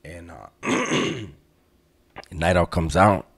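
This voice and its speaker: A man telling a story in casual street slang, often clearing his throat and tagging lines with "right?". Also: low voice, extremely slow, fairly bright tone. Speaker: storyteller recounting prison life.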